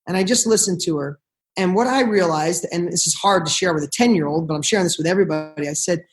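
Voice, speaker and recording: A middle-aged man with a high voice appears as a podcast guest, passionately launching into motivational stories. He talks rapidly and with drive, loose and casual, dropping the occasional swear word.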